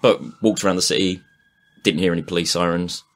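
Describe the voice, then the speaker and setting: Low-voiced man, loose sweary podcast host who rambles. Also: fairly even intonation, fast, a bit bright. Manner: rambling, sweary, laughs often. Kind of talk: casual chat.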